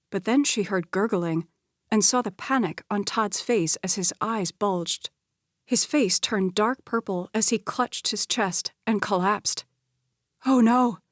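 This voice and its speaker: A woman narrating a romance audiobook in a steady, scripted storytelling voice. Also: medium pitch, no echo, studio quality.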